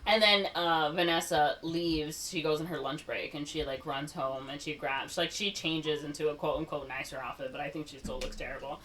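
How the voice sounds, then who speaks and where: A woman's voice: deep voice, fairly even intonation, a bit bright, far from the mic. A woman co-hosting a podcast, casually retelling a film plot in a rambling way with lots of "like". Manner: rambling, heavy use of "like", quick voices for quotes. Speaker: podcast co-host.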